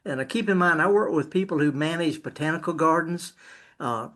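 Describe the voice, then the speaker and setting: An older man, hosting a gardening call-in show and giving blunt, down-to-earth advice with many halting restarts. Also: on the high side, fairly bright tone. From Mississippi Delta. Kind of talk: casual radio chat.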